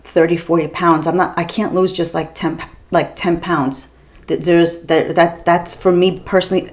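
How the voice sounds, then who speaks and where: A woman in her fifties from the US East Coast, chatting bluntly while she does her makeup at home, with the odd swear word. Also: on the low side. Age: 50s. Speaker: beauty vlogger. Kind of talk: casual makeup tutorial chat.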